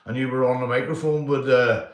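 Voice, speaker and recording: Giving shout-outs on a live stream, this middle-aged man with a Northern Irish accent spins rambling true stories, laughing as he goes, cursing freely and ending lines with "mate." He speaks fairly quickly in a steady, mid-range voice, and the room echoes.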